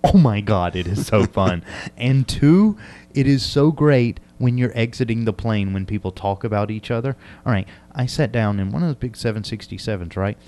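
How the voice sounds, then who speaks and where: A man's voice: fairly low pitch, expressive, moderate pace, a little mellow. Radio host, male, from North Carolina, chatty and self-mocking, often laughing. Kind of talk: casual interview chat.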